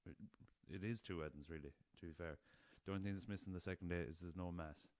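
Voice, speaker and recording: A young man with a west of Ireland accent hosts his own podcast, spinning loose, rambling stories full of swearing and chuckles. His voice sits very low and comes across smooth and resonant. The recording is dry and close, with no room sound. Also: steady tone, fast, darkish tone, dry recording. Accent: Irish, west of Ireland. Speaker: podcast host. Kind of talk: casual storytelling.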